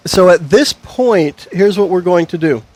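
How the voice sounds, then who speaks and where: A man's voice: high-pitched, expressive, a little slow, a little mellow. A man narrating as game master of a tabletop game, loose and rambling, laughing easily.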